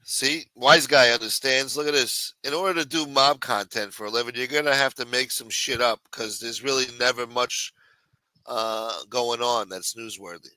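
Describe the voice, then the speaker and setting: Man hosting a livestream, casual and swearing, bright forceful voice, dry close sound. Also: mid-range voice, normal speed, no echo, rough recording. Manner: casual, swearing, thanks viewers by name. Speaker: host. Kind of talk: casual livestream podcast talk.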